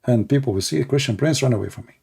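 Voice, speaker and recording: A man's voice: mid-range voice, quick pace, gravelly, warm tone, breathy edge. A man hosting a long livestream who rants in a mocking, sarcastic way and acts out his opponents. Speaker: livestream debate host. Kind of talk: casual livestream rant.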